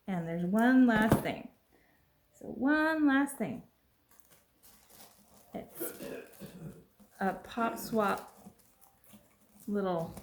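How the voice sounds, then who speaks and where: A woman vlogging as she unboxes a package at home, gushing and exclaiming excitedly over each item. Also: mid-range voice, slight background noise. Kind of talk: casual unboxing vlog. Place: at home with a pet. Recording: echoey room.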